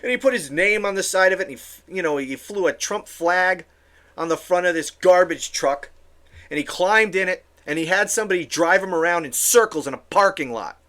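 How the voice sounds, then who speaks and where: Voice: medium pitch, animated, a little fast, a bit bright. A political commentary host ranting alone on camera, sarcastic and exasperated, often stumbling into restarts and repeated words.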